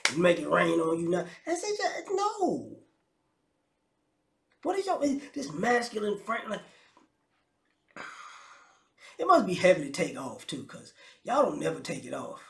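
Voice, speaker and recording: Man, comic vlog rant, incredulous and mocking; gravelly, echoey room. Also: on the high side. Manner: mocking, incredulous, repeats words, laughs often. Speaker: commentary vlogger. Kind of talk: casual comedic rant. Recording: roomy echo.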